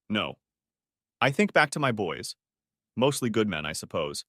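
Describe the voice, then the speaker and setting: A man narrating a dramatic first-person family story audiobook in an expressive, emotional way. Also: fairly low pitch, unhurried, no room sound, clean studio sound.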